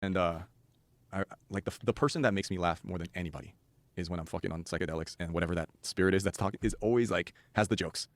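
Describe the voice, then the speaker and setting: A man's voice: low-pitched, quick pace, no echo. A man guest on a podcast, telling a story in a rambling, profane way with many restarts. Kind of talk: casual storytelling chat.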